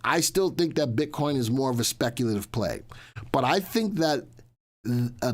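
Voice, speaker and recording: Chatty man hosting a market show. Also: medium pitch. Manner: chatty and repetitive, restating lines as he goes. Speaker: host of a stock market show. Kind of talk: casual livestream market commentary.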